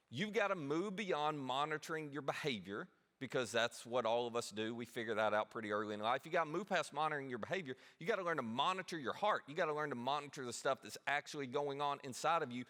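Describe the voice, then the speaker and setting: Man, middle-aged pastor; bright, slightly high voice; conversational self-deprecating sermon delivery.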